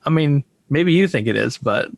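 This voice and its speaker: A man's voice: fairly high pitch, lively intonation, moderate pace, creaky, no echo. Man musing in a dry podcast recording. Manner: rambling, full of restarts and hesitations. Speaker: podcast co-host. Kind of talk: casual film discussion.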